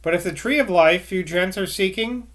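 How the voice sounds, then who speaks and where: A man's voice: high-pitched, normal speed, fairly bright tone, voice pushed up. A man voicing an eccentric old country woman who speaks in a rustic Somerset dialect, cryptic and odd.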